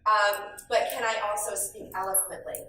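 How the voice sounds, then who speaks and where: A woman from the States, leading a classroom training session for new hires in a lively, sassy, playful way. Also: mid-range voice, normal speed, a little hiss or hum. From Southern United States. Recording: echoey room, speaker far from mic.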